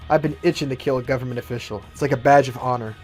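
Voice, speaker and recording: A man's voice: mid-range voice, fairly even intonation, racing, a little mellow, soft background music, lightly acted. A man voicing a bloodthirsty, cocky male mercenary who boasts casually.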